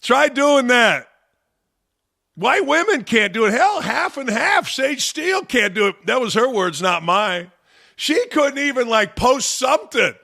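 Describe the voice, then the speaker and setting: Fired-up man ranting, gravelly and bright. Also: very high-pitched, big pitch swings, unhurried. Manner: heated, profane, mocking repetition. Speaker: sports talk show host. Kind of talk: ranting commentary.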